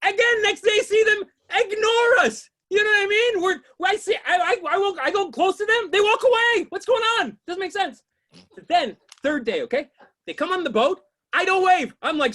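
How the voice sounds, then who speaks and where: This comic's voice is very high, with lively intonation and a fairly quick delivery. In his stand-up set he meanders through setups before yelling exasperated punchlines, often tacking on "you know what I mean?"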